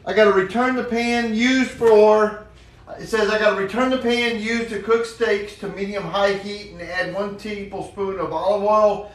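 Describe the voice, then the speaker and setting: A man's voice: high voice, steady tone, moderate pace. A man chatting casually while cooking at home on a livestream, reading recipe steps aloud and teasing his partner. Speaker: home cook, show host. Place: home kitchen. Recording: echoey kitchen, distant mic, some noise.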